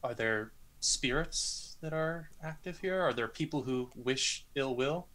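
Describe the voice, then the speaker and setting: A man playing in a tabletop game, speaking in character in an earnest, halting way. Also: mid-range voice, a bit bright. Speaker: player. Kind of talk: in-character tabletop role-play.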